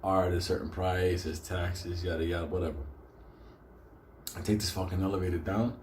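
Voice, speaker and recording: Profane storytelling man, dark echoey sound. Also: deep voice, moderate pace, slight background noise. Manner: swearing constantly, animated storytelling. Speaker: show host. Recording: echoey room with faint ambience.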